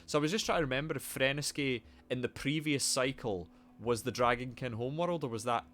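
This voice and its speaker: A man's voice: mid-range voice, brisk, fairly bright tone. A man streaming a game live, commenting casually in a rambling, sweary way.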